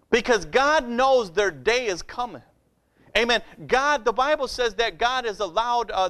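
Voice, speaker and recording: This pastor's voice is notably high and a touch bright as he delivers his sermon. He keeps things conversational and direct, drawing listeners in with repeated calls of "Amen?"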